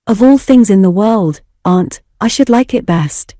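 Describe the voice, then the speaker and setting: A woman's voice: mid-range voice, animated, a little slow, dark tone, no room sound, clean studio sound, natural voice. A woman reading a polite, earnest schoolboy in a storybook.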